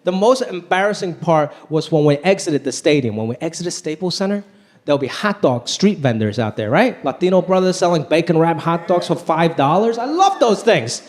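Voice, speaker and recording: A young man from Los Angeles doing an animated stand-up set on a comedy club stage into a handheld mic, rising to near-shouts on punchlines. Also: on the high side, moderate pace. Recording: live club, audience noise.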